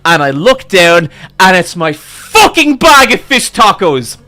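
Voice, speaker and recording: A man with a fairly high, bright voice recounts a chaotic story to his stream chat. He is profane and exasperated. He builds to loud outbursts as the tale goes on. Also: sing-song, unhurried. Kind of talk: animated storytelling to a live chat.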